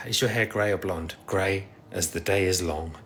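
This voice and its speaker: A man's voice: deep voice, measured pace, fairly bright tone, slight background noise. An English man chatting casually on a livestream, reading the comments and rambling with a self-deprecating humor. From England.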